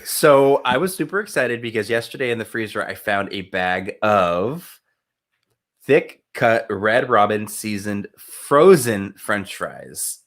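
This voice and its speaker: A man co-hosting a live show, chatty and excitable in casual banter with his friend. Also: lowish voice, takes it slowly. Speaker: co-host.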